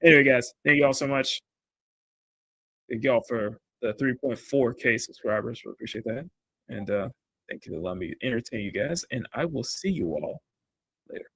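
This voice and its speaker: A man's voice: medium pitch, animated, fairly quick, fairly bright tone, no echo. A man hosting a casual livestream while he draws, rambling and restarting his sentences, with frequent laughter. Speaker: livestream host.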